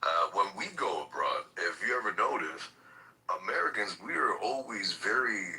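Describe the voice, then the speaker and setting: Heated, animated male podcast host. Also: fairly low pitch, normal speed, distant mic, poor audio. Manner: heated, profane, emphatic. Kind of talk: political talk rant.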